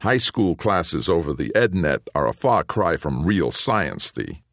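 A bull-necked, middle-aged father, played by a male reader, gruff and stern, with a low voice that rises and falls a great deal. The sound is close and dry. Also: big pitch swings, unhurried, fairly bright tone, no echo, exaggerated voice. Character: gruff, thick-set middle-aged father, ship captain.

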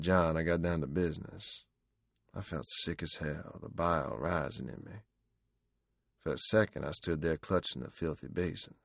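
A man narrating an audiobook in the first person, in a slangy, vernacular storytelling manner. His voice is very deep and gravelly, recorded close and dry. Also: dry recording.

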